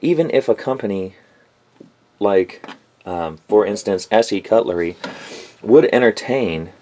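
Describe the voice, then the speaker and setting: A man's voice: fairly low pitch, animated, measured pace, warm tone. A man reviewing a knife in a home kitchen, talking in a rambling, profane, self-mocking rant to camera.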